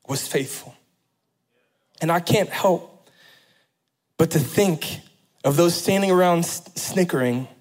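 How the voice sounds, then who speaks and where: A middle-aged pastor delivering a sermon, with a fairly high voice for a man. He tells a story steadily, then lifts into impassioned, emphatic preaching. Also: low-quality recording.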